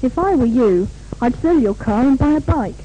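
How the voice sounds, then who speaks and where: A woman playing a lively sympathetic friend. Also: sits high, moderate pace, highs cut off, a little hiss or hum. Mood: concerned. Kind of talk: scripted language-course dialogue.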